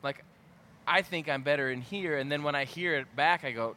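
A man's voice: fairly high pitch, normal speed, bright, forceful tone, slight background noise. A man co-hosting a casual podcast, teasing the others with dry jokes. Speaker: band singer and podcast co-host.

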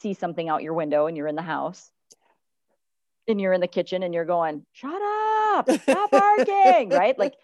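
A woman dog trainer giving advice in a podcast chat, animated, acting out what dogs might be thinking. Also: brisk, pauses often, dry recording, clean studio sound. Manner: animated, acts out dogs' thoughts in high voices.

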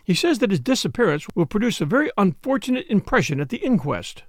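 A man reading a story aloud as first-person narrator, in a measured, dryly ironic telling. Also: high-pitched, very animated, no room sound, clean studio sound. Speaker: audiobook narrator. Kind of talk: scripted narration.

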